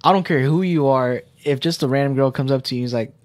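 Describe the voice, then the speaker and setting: A young man pushes back on his friends about a movie scene. He talks bluntly and uses plenty of slang, at a middle pitch. The recording is dry. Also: fast, no room sound. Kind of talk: casual chat.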